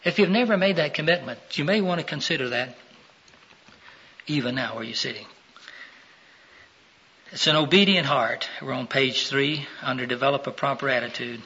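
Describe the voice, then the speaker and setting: A middle-aged man preaching a sermon, questioning his listeners and rising to loud, emphatic peaks. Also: mid-range voice, normal speed, long pauses, slightly rough. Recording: dull lo-fi sound.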